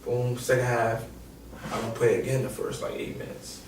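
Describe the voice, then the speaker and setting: A man's voice: mid-range voice, moderate pace. Young New man, guest, casual slangy storyteller; roomy echo, mic set back. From New York. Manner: animated, slangy, profane, acts out quotes. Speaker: podcast guest, former college basketball player. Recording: echoey room, distant mic, faint noise.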